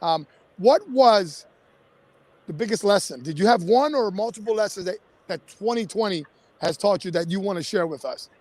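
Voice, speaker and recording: A man's voice: high-pitched, expressive, moderate pace, darkish tone. A man hosting a live-streamed interview over a video call, enthusiastic and appreciative toward his guest. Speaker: host.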